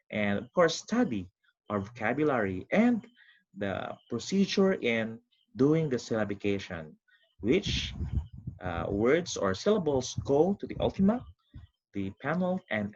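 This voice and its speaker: A man teaching a recorded online lesson, explaining step by step with quick recaps in an animated, sing-song way. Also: medium pitch, slightly rough. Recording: dull lo-fi recording.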